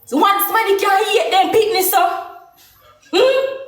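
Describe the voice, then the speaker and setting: A woman with a Jamaican accent venting emotionally on a live stream, ranting and at times shouting. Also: very high-pitched, moderate pace. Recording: echoey and distant from the mic.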